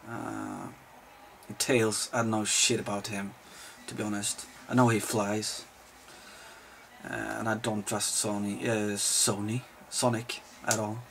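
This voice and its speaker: A man's voice: fairly low pitch, flat delivery, slow pace, gravelly, a bit bright, a little hiss or hum. A tired man who has not slept, rambling and swearing through casual chat as a video host. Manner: swears freely, rambles and jokes. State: tired from lack of sleep. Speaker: video host answering viewer questions.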